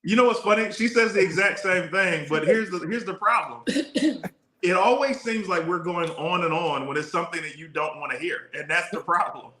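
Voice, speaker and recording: A man's voice: high-pitched, normal speed, sharp tone. A man co-hosting a podcast in casual chat, teasing and joking, firm when making a point. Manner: teasing, joking, speaks his mind firmly. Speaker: podcast co-host. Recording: echoey room.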